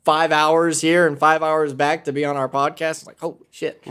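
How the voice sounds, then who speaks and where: Excitable man telling stories on a podcast. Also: a little high, moderate pace, clear, resonant tone. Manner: excitable storyteller, swears, laughs often. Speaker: podcast host. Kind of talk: casual podcast chat.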